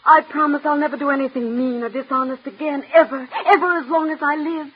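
An actress playing a desperate, tearful young aspiring actress in a 1940s radio drama, pleading with a breathless, emotional delivery. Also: female voice, high voice, fairly even intonation, fast, a little hiss or hum, close to an everyday voice. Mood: begging. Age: young adult. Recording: muffled old radio recording.

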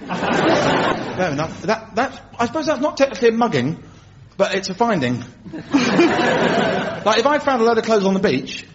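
Man, stand-up comedy, high lively voice, dull radio sound, crowd noise behind. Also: moderate pace, pauses often. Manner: cheeky, rambling storytelling with audience banter. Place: comedy venue with live audience. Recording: dull live radio recording with loud audience.

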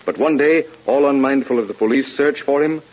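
A man narrating a vintage radio drama in a measured, ominous storytelling manner. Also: medium pitch. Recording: lo-fi old radio broadcast.

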